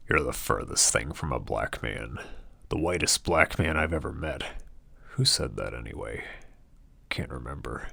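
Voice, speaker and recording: A man voicing a weary, lonely man quietly musing to himself. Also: extremely low pitch, expressive, moderate pace, gravelly, no echo, pitched below the performer's own voice, exaggerated voice. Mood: pensive. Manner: quiet, musing inner monologue.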